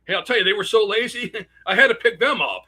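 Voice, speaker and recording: A man voicing a brash, wisecracking older male comedian for a quick joke. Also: high voice, animated, sharp tone, slightly rough, pitched above the performer's own voice, full character voice. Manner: punchy joke delivery.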